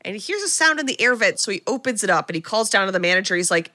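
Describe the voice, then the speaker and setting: A woman co-hosting a podcast, casually recapping a movie plot and swearing freely as she acts out quick lines. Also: mid-range voice, sing-song, bright, forceful tone, no room sound, studio quality. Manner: retells scenes with quick quoted voices, swearing. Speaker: podcast co-host.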